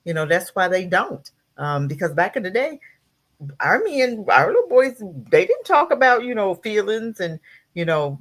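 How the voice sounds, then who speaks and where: A woman guest in a casual podcast discussion, animated, often acting out scolding voices. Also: moderate pace. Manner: animated, acts out scolding voices high and loud.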